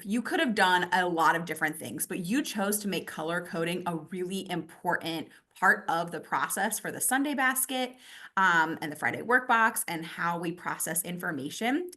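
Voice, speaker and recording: A woman's voice: fairly low pitch, a bit bright. A woman co-hosting a casual podcast chat, eagerly asking follow-up questions. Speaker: podcast co-host.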